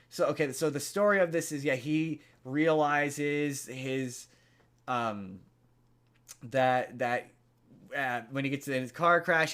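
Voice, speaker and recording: A man's voice: a little high, fairly bright tone, smooth. A man hosting a podcast, casually retelling a movie plot in a rambling way, with lots of fillers and restarts. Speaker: podcast host.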